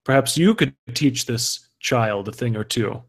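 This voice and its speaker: Haughty errant warrior, pompous and sneering, a touch raised in pitch , as a game master puts him on. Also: male voice, slow pace, natural voice. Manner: sneering, pompous, mocking laughs.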